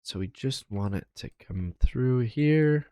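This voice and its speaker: A man streaming a video game live, talking casually and counting quietly to himself as he builds. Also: mid-range voice, lively intonation, takes it slowly, no room sound, dull audio. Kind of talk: casual gameplay commentary.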